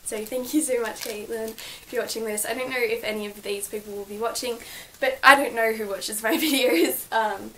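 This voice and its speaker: A woman's voice: a little high, fairly even intonation, normal speed, few pauses, pushed and bright, a little hiss or hum, rough recording. A young woman vlogging from her bedroom, gushing and chatty with lots of fillers as she shows her birthday gifts. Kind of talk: casual birthday haul vlog.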